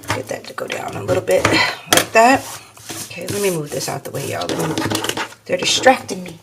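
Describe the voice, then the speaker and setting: A woman's voice: on the low side, lively intonation, moderate pace, creaky, very noisy. A woman hosting a craft tutorial, chatting casually and thinking aloud as she works, calling her viewers y'all. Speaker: crafting channel host.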